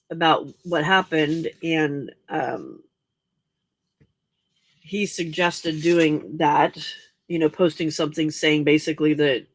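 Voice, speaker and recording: Slow-talking, yawning woman streamer. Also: low voice. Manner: relaxed, chatty, talks to viewers by name. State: tired, yawning. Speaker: livestream host. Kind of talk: casual late-night crafting livestream chat.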